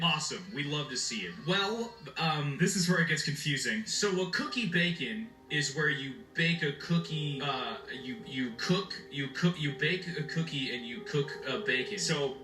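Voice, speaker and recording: Young American guy, comic game commentary, excitable rambler, slightly distant roomy mic. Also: on the high side. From United States. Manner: excitable, rambling, self-mocking. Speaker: gaming YouTuber. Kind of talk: comedic gameplay commentary.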